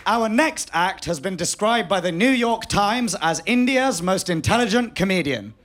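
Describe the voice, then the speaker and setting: A man's voice: high voice, animated, moderate pace, a bit bright. A man hosting a comedy show, introducing acts on stage in an upbeat, joking way. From Wembley, England. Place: comedy venue with a live audience. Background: audience laughter and applause.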